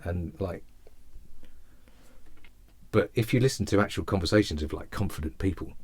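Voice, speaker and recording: A low-voiced man gives a casual jazz guitar lesson over a video call, chatting and poking fun at himself as he rambles. He speaks at a moderate pace with frequent pauses, there's no room sound, and faint guitar plays in the background.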